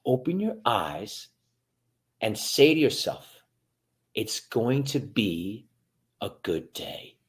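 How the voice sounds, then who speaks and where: A military veteran guest giving motivational interview talk, addressing listeners directly and swinging from hushed to loud. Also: male voice, medium pitch, very animated, slow pace, pauses often.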